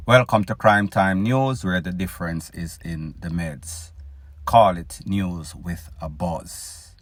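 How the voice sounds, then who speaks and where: A Jamaican man hosting a news commentary show, speaking slowly and deliberately with an opinionated edge. He talks straight to his listeners. His voice is dry and close to the mic, with no room sound. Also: sits low, no room sound. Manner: opinionated, addresses listeners as "people". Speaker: news blogger host.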